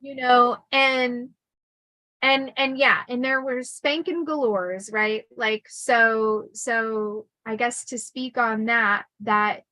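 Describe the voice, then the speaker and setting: A woman's voice: a little high, fairly even intonation, slow, bright, forceful tone, no echo, poor audio. A middle-aged woman telling stories from her life in a casual chat, laughing often and restarting sentences. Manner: chatty, laughing, many fillers and restarts. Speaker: podcast host telling her life story.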